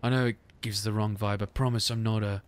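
A man's voice: on the low side, little pitch movement, a little fast. A man joking along in gaming commentary, playing out silly bits.

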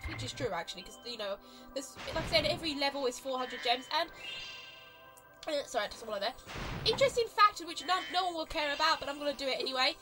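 A young woman with an exaggerated British accent giving chatty, excitable gameplay commentary as a let's play host. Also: sits high, fast talker, music in the background.

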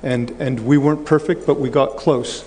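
A man speaking on stage as a conference guest, nervous, restarting his sentences and filling pauses with "um". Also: medium pitch, fairly even intonation, a little mellow. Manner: halting, repeats words, many fillers. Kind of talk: on-stage conversation. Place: large conference hall. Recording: hall reverb, faint background noise.

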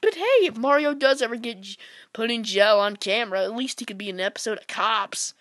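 A woman giving goofy, playful commentary while playing retro games, jumping between whispers, squeals and shouts. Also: on the high side, fairly quick, dry recording. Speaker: gameplay commentator. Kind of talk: casual let's-play commentary.

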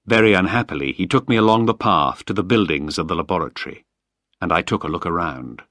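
Low-voiced man reading a story. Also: fairly bright tone, no echo, clean studio sound. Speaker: narrator. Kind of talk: scripted story narration.

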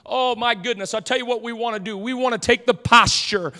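A man preaching a passionate sermon as pastor, building up to shouts. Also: very high voice, fairly quick. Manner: impassioned preaching, swelling to shouts. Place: church sanctuary. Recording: church hall reverb.

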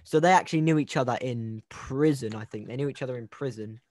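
A man's voice: medium pitch, quick pace, darkish tone. A man hosting a casual podcast over a video call, retelling a true-crime case in a joking, rambling way with many restarts. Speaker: podcast host.

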